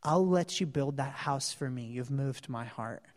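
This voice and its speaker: A humble, gentle God speaks softly and slowly, put on by a man preaching. The voice sits low and quiet, and it rings out in a long hall reverb. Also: close to an everyday voice.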